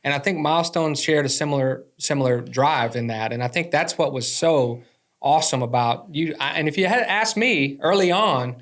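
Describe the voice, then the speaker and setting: A man's voice: fairly high pitch, moderate pace, fairly bright tone. A man co-hosting a business podcast, speaking in a reflective, agreeable way and looking back on working together. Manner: reflective, agreeable, backchannels often. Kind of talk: casual business podcast chat.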